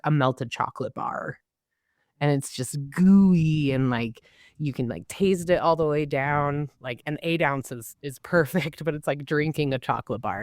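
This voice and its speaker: A woman's voice: low voice, dry recording, studio quality. A woman in her twenties, a podcast guest, telling travel stories casually and acting out quoted dialogue. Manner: animated, acts out quoted dialogue. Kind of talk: casual storytelling.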